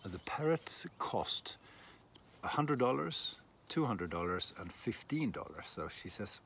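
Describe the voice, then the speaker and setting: Low-ish guy rambling slow outside in the garden, laughs at himself, bit of wind. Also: very animated, a bit bright. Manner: rambling, self-deprecating, many restarts. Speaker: shaving vlogger. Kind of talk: casual outdoor vlog chat. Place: outdoors in a windy garden.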